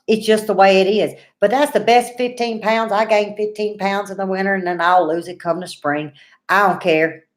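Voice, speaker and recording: A woman, in her forties, hosting a casual livestream, chatting folksy and greeting viewers by name while reading comments. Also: medium pitch. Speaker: livestream host.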